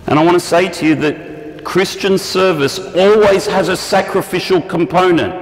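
A man preaching a sermon, animated and acting out prayers and quoted lines in shifting voices. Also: high-pitched, normal speed. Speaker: pastor. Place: church hall. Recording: echoey church hall, long reverb.

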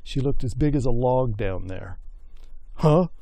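A male storyteller spinning a folk myth in an easygoing, homespun way. His voice is mellow and relaxed. The recording is dry and close, with no room sound. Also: mid-range voice, vocal fry, no room sound. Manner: folksy and unhurried, with voiced characters.

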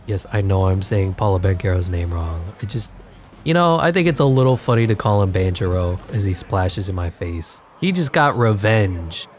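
A man giving jokey, excitable play-by-play over a video game, his voice congested and wearing out, breaking into sudden yells. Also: low voice, normal speed, a little hiss or hum. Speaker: gaming commentator. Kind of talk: live game commentary.

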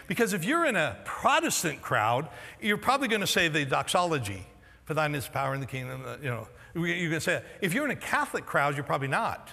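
Male pastor, raised pitch, animated sermon style, voice going hoarse, big reverberant sanctuary. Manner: animated, jokey storytelling with quick voice swings. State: losing his voice. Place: large church hall. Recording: long hall reverb in a church auditorium.

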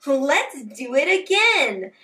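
Woman, preschool host, very slow, high and swooping, mic a bit far off, light music behind. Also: sing-song. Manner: bright, exaggerated, encouraging kids-show delivery. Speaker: children's show host. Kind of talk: preschool lesson with sing-along.

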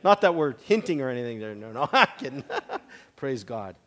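A middle-aged man preaching in church, telling testimony stories in an animated way and laughing often. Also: medium pitch, normal speed. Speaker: visiting preacher. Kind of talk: sermon sharing testimonies.

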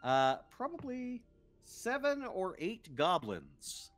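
A man's voice: high voice, huge pitch swings, takes it slowly, fairly bright tone, faint music behind. A man narrating a tabletop role-playing game as game master, playful and full of fillers.

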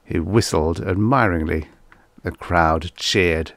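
Man, audiobook narrator, low voice, lively intonation, measured storytelling, dry close recording. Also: dry recording. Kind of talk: reading vintage science fiction aloud.

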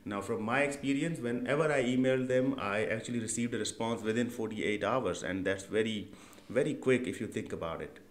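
Speaking briskly in a lowish voice, a young man guides a screen-share tutorial on his education channel. The talk is conversational and casual, sprinkled with fillers and "right?" checks.

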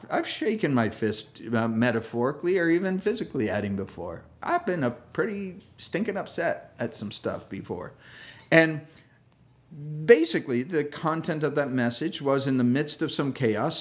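A male pastor giving a conversational sermon, telling the story with humor and acting out the characters' lines. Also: medium pitch. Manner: lively storyteller, acts out quoted voices, self-deprecating humor.

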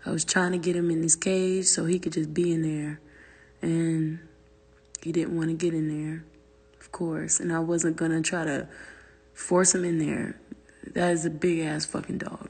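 A lower-pitched woman with a husky grain, talking loosely on a livestream. She rambles and swears freely, now and then dropping to a hushed whisper. Her voice trails off into a long reverb. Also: flat delivery, slow, pauses often. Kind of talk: casual livestream chat, reading comments. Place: family room at home.

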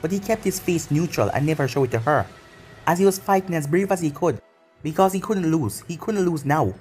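A man's voice: a little high, expressive, fairly quick, a little mellow, soft background music. Man reading a story aloud. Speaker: story narrator. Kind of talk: reading fan fiction aloud.

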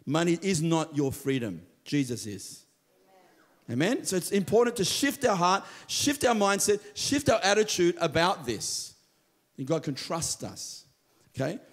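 A man preaching a sermon as pastor, telling stories with lively quoted voices. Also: a little high, measured pace. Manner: animated storytelling, acts out quoted voices. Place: church.

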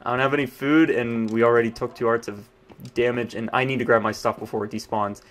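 A young man giving live gameplay commentary, frustrated and ranting, swinging between yelling and muttering. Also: medium pitch, steady tone, fast talker, slight background noise. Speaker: gaming YouTuber.

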